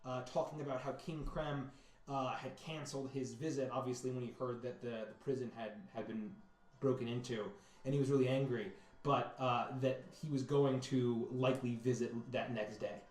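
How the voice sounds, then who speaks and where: A man narrating a tabletop game as game master, halting and repeating words as he describes scenes. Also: medium pitch, steady tone, darkish tone. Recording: echoey room.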